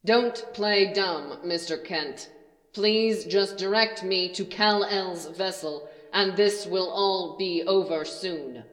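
A woman putting on a slow, cold inhuman voice. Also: reverberant, in a large hall, natural voice. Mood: menacing. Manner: slow, low, threatening. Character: inhuman slender alien, menacing and cold.

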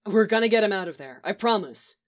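A woman reading the part of a gentle young man who speaks softly and soothingly. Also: mid-range voice, animated, fairly quick, close to an everyday voice. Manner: soothing, soft.

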